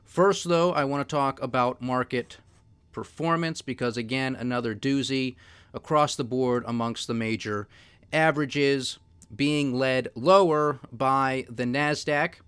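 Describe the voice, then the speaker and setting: A man's voice: medium pitch, unhurried, fairly bright tone, clean tone. A man hosting a podcast, giving solo commentary on markets and politics in a sardonic, emphatic, ranting manner. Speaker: podcast host.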